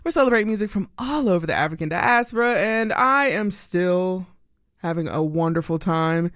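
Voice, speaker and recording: A woman's voice: fairly low pitch, moderate pace, no echo. A woman from Pennsylvania hosting a radio music show, talking in a bubbly, rambling way with frequent laughs, in a studio. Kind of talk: casual radio show chat.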